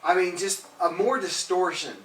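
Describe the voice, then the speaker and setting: A young man rambles through his opinions in casual chat, often restarting mid-thought. His voice sits a bit high. He sounds distant from the mic in an echoey room. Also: normal speed, a crowd in the background. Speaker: podcast co-host.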